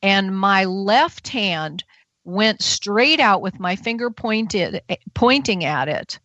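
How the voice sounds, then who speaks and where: A woman guest on a talk show tells a personal story at a slow, unhurried pace. Her voice is dry and close on a dull, muffled line. She acts out her own panicked inner voice as she goes. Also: mid-range voice, no room sound. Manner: animated storytelling, acting out her own frightened thoughts.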